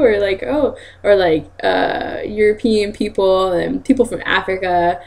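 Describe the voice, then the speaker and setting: A young woman telling stories in a casual vlog, chatty and quick to laugh, acting out other people's lines in a higher voice. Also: a little mellow. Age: young adult. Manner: chatty, laughs often, acts out quotes in high voices. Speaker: vlogger.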